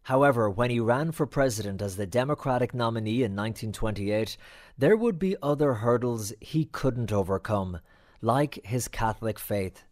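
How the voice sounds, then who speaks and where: A man's voice: medium pitch, animated, moderate pace, darkish tone. Male narrator, mid-range voice, scripted documentary reads. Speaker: host and narrator.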